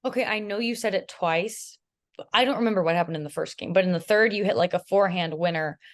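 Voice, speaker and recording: A young woman guesting on a podcast, telling stories in a teasing, animated way. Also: on the low side, fast talker. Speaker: podcast guest and pro player. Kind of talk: casual podcast chat.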